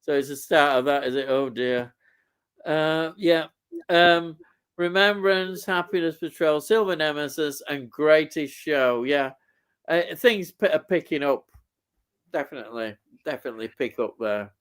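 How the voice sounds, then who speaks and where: A chatty man co-hosting a live stream, reading viewer comments aloud and laughing often. His voice is smooth and resonant, sitting a little high for a man. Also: a little slow, a bit bright.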